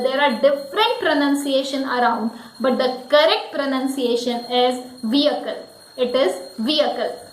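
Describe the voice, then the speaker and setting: A woman teaching pronunciation, slowly repeating each word several times. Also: high voice, a bit bright, roomy sound, poor audio. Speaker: English teacher. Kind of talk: pronunciation lesson.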